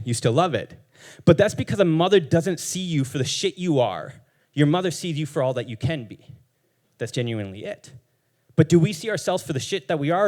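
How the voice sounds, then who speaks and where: A young man giving a profane, emphatic motivational talk on stage, firing rhetorical questions at the audience. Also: fairly high pitch. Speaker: speaker at a live storytelling event.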